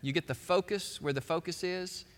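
A male pastor preaching a sermon in a church, animated and conversational, with frequent asides to the congregation. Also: high-pitched, moderate pace. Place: church sanctuary. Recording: church hall reverb.

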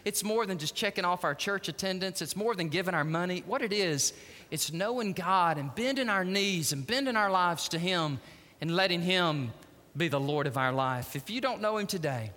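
A middle-aged man preaching a sermon in a church, telling stories dramatically and swinging between hushed and loud delivery. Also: high voice, expressive, moderate pace. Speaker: pastor. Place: church sanctuary. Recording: long church-hall reverb.

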